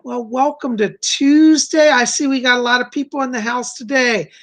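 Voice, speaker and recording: A man's voice: very high-pitched, fairly even intonation, normal speed, fairly bright tone. An American man hosting a live stream as a psychic, chatting casually and gushing over his viewers. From United States. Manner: effusive, gushing. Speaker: psychic host.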